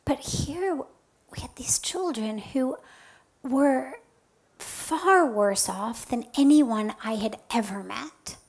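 A woman spiritual teacher telling a story in a talk. She is soft and earnest, and her voice often drops to a breathy near-whisper. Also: fairly high pitch, slow pace, poor audio.

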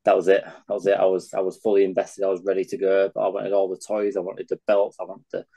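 A man's voice: low-pitched, completely flat delivery, fast talker, creaky, mellow, slightly rough, low-quality recording. A young Yorkshire man in his twenties, a charity founder talking earnestly as an interview guest. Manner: earnest, enthusiastic reminiscing. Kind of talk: casual interview chat.

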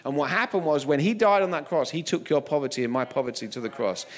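A man's voice: a little high, fast talker. A man giving a sermon as a guest preacher, telling humorous stories in an emphatic way.

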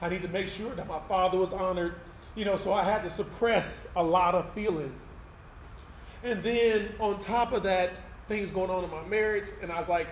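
Male pastor, fairly high voice, conversational testimony sermon, roomy hall with a faint hiss underneath. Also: steady tone, moderate pace. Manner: candid, conversational, tag questions like "right?". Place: event hall used for Sunday service.

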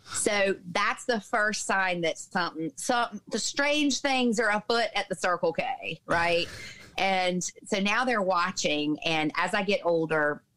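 A woman in her fifties from the Southern United States, an author and healer, appears as a podcast guest telling personal stories in conversation. Her voice is mid-range and slow, and she's a lively storyteller who mimics voices in quotes and uses many fillers. The recording is rough.

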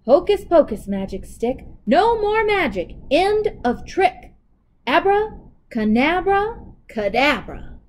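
A woman voicing a smug, knowing male hyena in a storybook read-aloud, talking in a quick, offhand way. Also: on the high side, big pitch swings, mellow. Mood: breezy.

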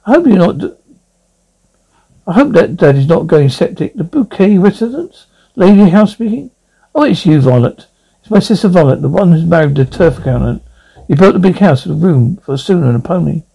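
A man's voice: on the high side, lively intonation, fairly quick, vocal fry, mellow, slightly rough, full character voice, rough recording. Hyacinth, a man doing a snobbish genteel lady. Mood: fussy. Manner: affected genteel refined diction, self-important. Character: snobbish fussy middle-aged woman, social climber. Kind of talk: one-man comedy radio reenactment.

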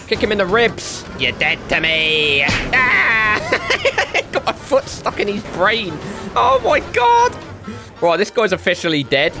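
A man's voice: on the high side, sharp tone. Rowdy man commentating gameplay. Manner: rowdy, jokey trash-talk with slang and frequent laughter. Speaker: gaming YouTuber.

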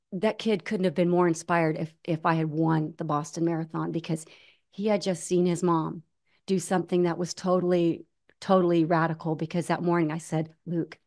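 A woman in her forties tells a personal story as an interview guest. Her voice sits slightly low, and she talks in an animated way with frequent restarts. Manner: animated, many restarts, acts out quoted voices. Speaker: guest, ultramarathon runner.

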